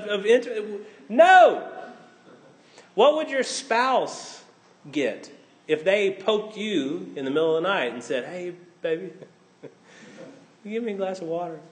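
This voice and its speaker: A male pastor delivering a sermon in a high voice. He swings from loud, emphatic exclamations to hushed, intimate asides.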